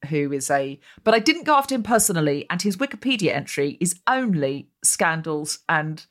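A woman's voice: low voice, moderate pace. A woman hosting a podcast in casual comedic chat over a video call, telling stories with energy and often acting out what other people said. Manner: animated storytelling, mimicking others in quotes. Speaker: podcast host.

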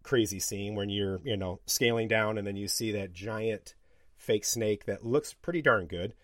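A man's voice: lowish voice, a little slow, dry recording. Man recounting film scenes, dry close sound. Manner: animated storytelling, laughing between points. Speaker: podcast co-host. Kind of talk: casual film discussion.

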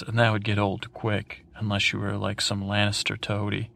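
A man's voice: lowish voice, completely flat delivery, moderate pace, creaky, few pauses, sharp tone. A man hosting a sleep podcast, recapping in a meandering, digressive way full of fillers and restarts. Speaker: podcast host.

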